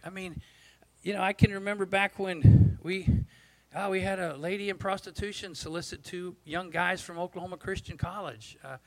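A gravelly-voiced man in his sixties delivers a lively, joking sermon, his voice sitting a little high for a man. He slips into the voices of the people in his stories as he preaches. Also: moderate pace, poor audio. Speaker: pastor. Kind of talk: storytelling sermon.

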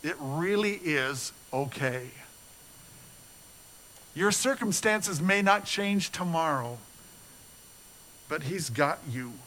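A man's voice: takes it slowly, pauses often, slight background noise, low-quality recording. Older man preaching a sermon, raised voice. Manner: earnest storytelling preacher, rising animated then dropping low and soft. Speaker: pastor.

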